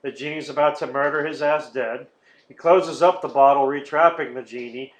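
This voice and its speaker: A man's voice: mid-range voice, steady tone, moderate pace. A man co-hosting a podcast, rambling through stories with lots of swearing and laughter. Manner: rambling, profane, laughs often. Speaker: podcast co-host. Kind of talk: casual chat. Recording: roomy, dull lo-fi sound.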